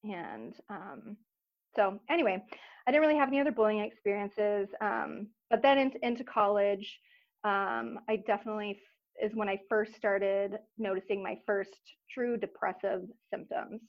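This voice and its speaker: A woman in her thirties telling her personal story as a guest in an interview, earnest and reflective, pausing often. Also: medium pitch. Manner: earnest, reflective, soft-spoken with frequent pauses. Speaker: podcast guest. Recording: slightly dull recording.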